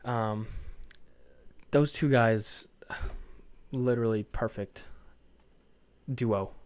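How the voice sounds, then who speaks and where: A man's voice: mid-range voice, drawn-out words, darkish tone, clean tone, no room sound. Tired young man rambling, dry sound. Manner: rambling, self-deprecating, swears freely. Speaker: podcast host. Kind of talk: casual solo podcast chat.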